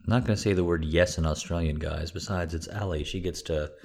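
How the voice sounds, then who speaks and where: A man whose voice sits low, creaky and a little mellow, with fairly even intonation, talks briskly while hosting a livestream. Reading requests for patrons, he rambles, jokes and swears a lot while thanking supporters.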